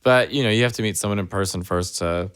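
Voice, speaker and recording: A man talking in a recording studio with a bright, forceful, smooth voice. He chats and spins stories in a campy, gossipy way. His pitch sits in the middle for a man. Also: fast. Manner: chatty, campy storytelling. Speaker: comedian guest. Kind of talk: casual podcast chat.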